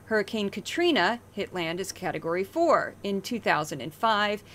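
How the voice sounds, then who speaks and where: A woman hosting a podcast, giving chatty, wry commentary on news clips with animated asides. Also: medium pitch, normal speed, slight background noise. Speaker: podcast host. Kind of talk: casual commentary.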